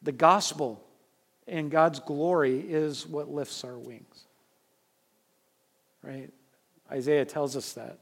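A man preaching a sermon as pastor, emphatic, swinging between loud urging and quiet asides, often repeating and restarting his words. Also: fairly high pitch, fairly even intonation, takes it slowly, gravelly, pauses often.

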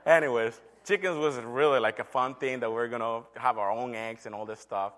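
A man's voice: medium pitch, brisk, hardly any pauses, a bit bright. A middle-aged man, a church elder, giving an earnest sermon testimony told as a story. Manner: earnest, storytelling with acted quotes.

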